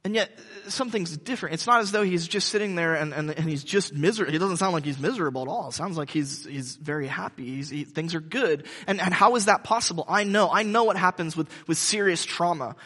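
A male pastor giving a conversational sermon, halting with frequent restarts. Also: a little high, pushed and bright, in a large hall.

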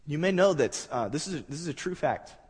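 A man giving a sermon in a conversational, halting way that builds to animated stretches. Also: a little high, husky, in a large hall. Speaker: pastor.

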